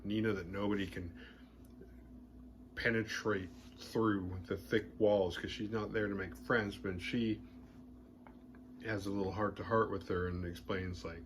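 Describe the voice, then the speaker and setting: A man hosting a horror movie podcast, retelling a film's plot in a casual, animated and playfully crude way. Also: lowish voice, a little hiss or hum.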